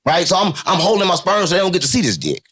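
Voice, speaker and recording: A man talks fast and loose in an interview. His voice sits fairly high and swings widely in pitch. He jokes, swears and keeps circling back to his catchphrases. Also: slightly rough. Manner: animated, swearing, jokey, repeats catchphrases. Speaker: interview guest. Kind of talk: unfiltered street talk.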